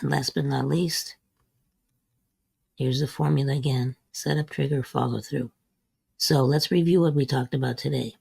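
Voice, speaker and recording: A man's voice: medium pitch, fairly even intonation, normal speed, gravelly, pauses often, a little mellow, breathy edge, no room sound. A man hosting a trading lesson, walking through chart examples in a methodical way and repeating short refrains. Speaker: host. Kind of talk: scripted market lesson over a chart screen.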